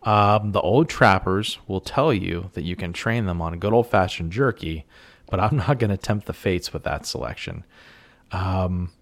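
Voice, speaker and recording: A man co-hosting a casual film podcast, teasing his co-host and laughing often. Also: sits low. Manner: teasing, laughs often, quick back-and-forth.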